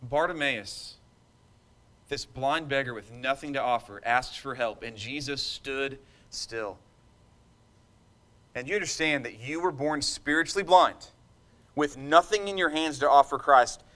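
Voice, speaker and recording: A man's voice: mid-range voice, normal speed, a bit bright. A man preaching a sermon with passion and emphasis, stopping to ask his listeners for an "amen.". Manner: impassioned, emphatic preaching with call-and-response asides.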